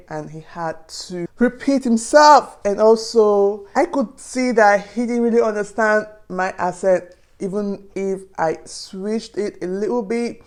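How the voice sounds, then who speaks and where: A woman's voice: medium pitch, a little mellow. A young woman from Nigeria with a Nigerian accent, giving earnest, chatty advice to her viewers in a casual vlog. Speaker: vlogger.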